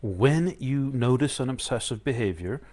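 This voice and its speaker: A man giving a live-streamed spiritual talk, acting out inner voices with sudden high yelps between calm stretches of explaining. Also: normal speed. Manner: shifts between loud outbursts and quiet calm explaining. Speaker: spiritual teacher.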